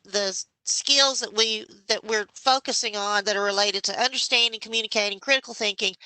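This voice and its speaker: A woman giving a measured, explanatory presentation to a state education board as a committee member. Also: mid-range voice, pushed and bright, no room sound, rough recording. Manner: explanatory, measured, with some restarts. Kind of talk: formal presentation.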